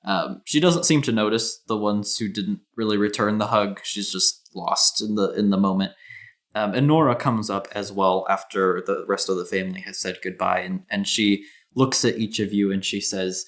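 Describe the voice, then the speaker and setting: A man running a tabletop game as game master, narrating scenes in a relaxed, descriptive way. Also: on the low side, normal speed.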